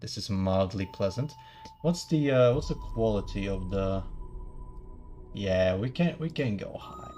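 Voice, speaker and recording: A man in casual live-stream chat, talking at an unhurried, drawn-out pace. He rambles and restarts his sentences often, tossing in mock-formal asides, with faint music playing behind him. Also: lowish voice, lively intonation, mellow.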